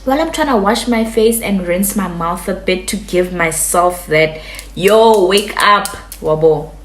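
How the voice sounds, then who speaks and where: A young woman telling a story to camera in a casual, animated way, cursing freely. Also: on the low side, moderate pace. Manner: animated, chatty, swears freely, acts out quotes. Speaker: vlogger. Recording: echoey room.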